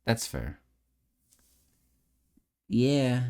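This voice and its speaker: A man's voice: fairly low pitch, very animated, unhurried, long pauses, darkish tone. A man chatting casually with his viewers on a live stream, sounding tipsy and a bit nasal, with a slight lisp, rambling and self-deprecating, close to a desk mic. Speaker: streamer and voice actor. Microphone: close desk microphone.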